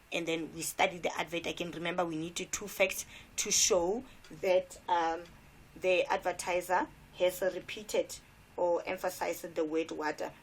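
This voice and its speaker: Low-pitched South African woman teacher. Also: a little hiss or hum. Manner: instructive, asks rhetorical questions, repeats key points. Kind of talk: exam revision lesson.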